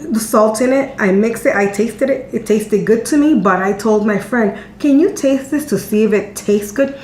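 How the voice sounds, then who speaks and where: A woman in her thirties chatting candidly to her viewers, telling a personal story. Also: mid-range voice. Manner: chatty and candid, repeating words as she talks. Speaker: vlogger answering viewer questions. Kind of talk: casual storytelling chat. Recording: echoey room with faint hum.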